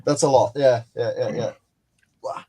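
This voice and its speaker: A man's voice: mid-range voice, normal speed, husky. A man from northern England chatting casually with friends over a video call, laughing often. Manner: laughs often, lively storytelling. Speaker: podcast co-host. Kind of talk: casual chat.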